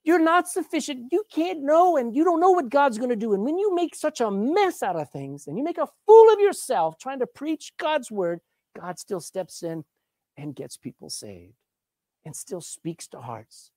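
Man preaching with lively pitch swings. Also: normal speed, no echo. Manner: storytelling, swings from soft to loud and emphatic. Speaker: pastor. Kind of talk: sermon.

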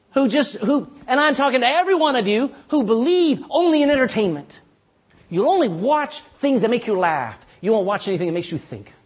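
A man preaching a sermon as pastor, impassioned and pleading, with sudden drops to a hush. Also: high voice, husky.

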